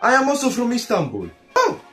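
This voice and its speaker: Young male comedic host, high-pitched, rambling and irreverent, faint music behind. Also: a little fast, a bit bright. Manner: calls the audience "comrades" constantly; rambling, jokey, playfully crude. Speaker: comedic country-review host. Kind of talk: comedic commentary over maps.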